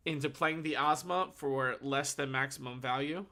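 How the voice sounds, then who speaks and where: Bright-voiced man casting a card game. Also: medium pitch, slow, creaky. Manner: analytical, thinking aloud and correcting himself. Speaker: tournament caster. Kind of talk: solo play-by-play card game commentary.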